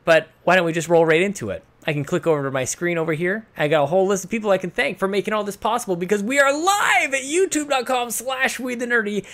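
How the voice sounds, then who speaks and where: A man's voice: sits high, fast talker, hardly any pauses, fairly bright tone. A man co-hosting a live podcast, chatting casually and running through a thank-you list in a rambling, self-deprecating way. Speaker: podcast co-host.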